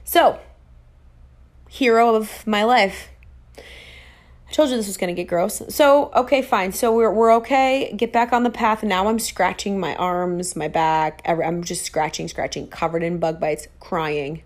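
A woman's voice: medium pitch, measured pace. A young adult woman telling a story casually to viewers in a self-mocking way, acting out her own quoted lines. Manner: animated, self-mocking, acts out quoted dialogue.

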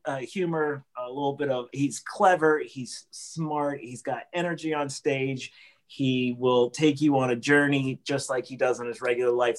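A man co-hosting a comedy podcast, joking around in casual chat, often restarting his sentences. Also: medium pitch. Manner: joking, playful, with frequent restarts. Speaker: podcast co-host.

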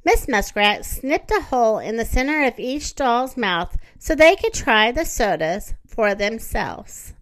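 Storybook reader, woman, gentle, unhurried. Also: fairly high pitch, sing-song. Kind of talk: children's story reading.

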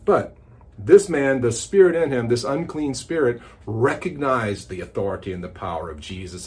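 A man hosting a casual devotional podcast, teaching the Bible as an animated, conversational storyteller. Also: medium pitch, moderate pace.

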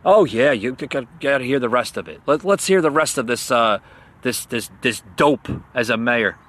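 A man's voice: medium pitch, animated, moderate pace, fairly bright tone. A man hosting a podcast, ranting in an agitated, sarcastic way and stammering over repeated words. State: heated up. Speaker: podcast host. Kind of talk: heated political rant.

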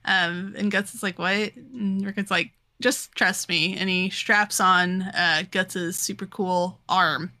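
A woman co-hosting a podcast, retelling a comic story in casual chat, animated and quick to voice the characters, laughing often. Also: mid-range voice, no echo. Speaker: podcast co-host.

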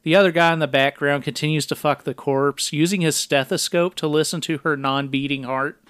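A man with a clean, resonant voice walks through a movie's scenes for a podcast, plain and matter-of-fact. His voice sits a bit high for a man. The sound is close and dry, with no room around it. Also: brisk, clean tone, no room sound. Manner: recounting scenes in a flat, matter-of-fact play-by-play. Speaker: podcast co-host. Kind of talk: casual film recap podcast.

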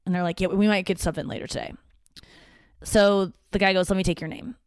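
A woman's voice: mid-range voice, steady tone, brisk, clear, resonant tone, dry recording, studio quality. A woman hosting a podcast, telling stories in a chatty, profane, self-mocking way and quoting other people. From St. Louis area. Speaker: podcast host. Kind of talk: casual storytelling monologue. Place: father's home office.

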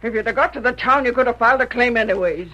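An actress playing a stern, sharp-tongued frontier wife with a rural drawl, in 1940s radio acting. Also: female voice, fairly high pitch, racing, dull audio. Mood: scolding.

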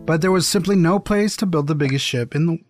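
A man's voice: on the high side, quick pace, over music. A young man co-hosting a podcast, joking around and laughing often in casual chat. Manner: joking, laughs often, breaks into silly bits. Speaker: podcast co-host.

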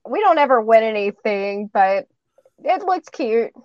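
A woman's voice: fairly high pitch, sing-song, unhurried, a little mellow. A woman joining a podcast remotely, chatting in an easygoing way. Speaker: podcast guest. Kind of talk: casual chat. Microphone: remote call. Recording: dull, dry remote call audio.

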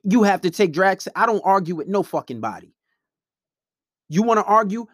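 Guy ranting relationship advice, blunt and cursing a lot, kinda high voice, dry close sound. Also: sing-song, a little fast, dry recording. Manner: blunt, profane, lecturing. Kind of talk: casual monologue.

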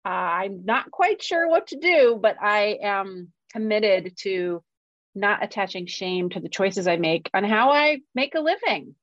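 A woman's voice: mid-range voice, lively intonation, a little slow, dry recording, highs cut off. A woman, a professional writer, talking frankly and earnestly in a casual conversation, swearing now and then. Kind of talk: candid conversational chat.

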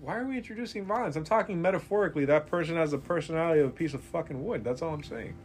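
A man's voice: fairly high pitch, very fast, a little mellow, a little hiss or hum. A man in casual chat in a comic shop, blunt and laid-back, swearing freely. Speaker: business partner.

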